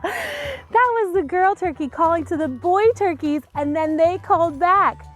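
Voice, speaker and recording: A woman hosting a farm tour for children, talking in an animated way straight to young viewers, outdoors on a farm. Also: extremely high pitch, a little slow, soft background music. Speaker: host showing a farm to children. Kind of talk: children's educational talk.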